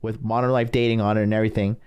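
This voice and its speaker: A man's voice: fairly low pitch, level tone, rapid-fire, clean tone, muffled recording. A man hosting his own stream as a dating coach, ranting in a profane, boastful, rambling way. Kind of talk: ranting livestream monologue.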